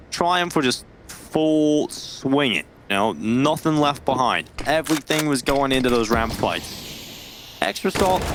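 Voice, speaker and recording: A man calling a video game match as a play-by-play caster, energetic and jokey. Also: medium pitch. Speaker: esports caster. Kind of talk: play-by-play commentary. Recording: noisy game audio behind. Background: gunfire from the game.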